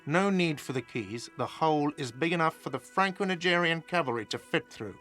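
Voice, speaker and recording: Brief: a testy game cafe manager, bright lively voice, sarcastic, faint music behind. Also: male voice, fairly high pitch, brisk. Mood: irritable. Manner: irritable, sarcastic. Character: grumpy impatient male cafeteria manager.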